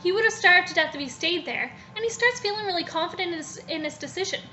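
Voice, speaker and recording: A woman vlogger casually retelling a story in a chatty, animated way, linking her sentences with "so". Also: extremely high pitch, quick pace, soft background music.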